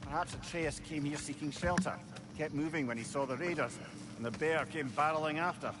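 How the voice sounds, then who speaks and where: A man's voice: on the high side, fairly quick, lightly acted. An actor voicing a dry-witted male companion who makes wry remarks in a video game.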